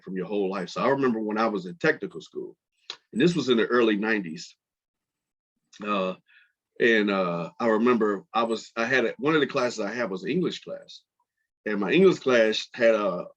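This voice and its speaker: A middle-aged man hosting his podcast, telling a personal story in a casual, animated way with lots of fillers. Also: on the low side, husky. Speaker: podcast host. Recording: dull lo-fi podcast audio.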